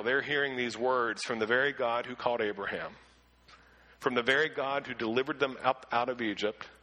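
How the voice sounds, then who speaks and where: A male pastor preaching with a bright, forceful tone at an ordinary middle pitch. He is earnest and often stumbles over repeated words as he begins a thought. When he reads scripture he slows down and stresses each phrase. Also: low-quality recording. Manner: slows down to read scripture with emphasis. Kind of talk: sermon with scripture reading.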